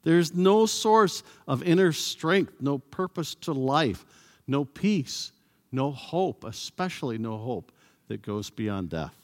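A man preaching a sermon as pastor, slow and emphatic, sometimes acting out sarcastic voices. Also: medium pitch. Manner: animated, acts out sarcastic voices; slow, emphatic delivery with pauses. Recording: long hall reverb.

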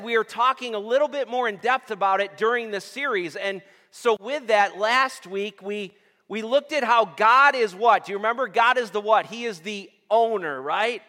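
In a church sanctuary with long hall reverb, a male pastor with a high-sitting, sharp voice preaches to his congregation. He puts questions to them in call-and-response style and waits for their answers.

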